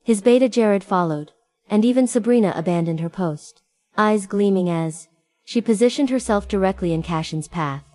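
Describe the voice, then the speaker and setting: A woman narrating a first-person story in a steady, even manner. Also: medium pitch, normal speed, poor audio.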